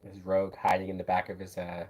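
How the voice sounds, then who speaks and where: A man's voice: deep voice, monotone, fast. Profane chatty man reacting to a movie. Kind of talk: casual live watch commentary.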